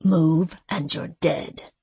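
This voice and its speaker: A woman voicing a cold male assassin who delivers quiet, slow threats. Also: deep voice, steady tone, husky, no room sound, heavily acted. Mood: menacing.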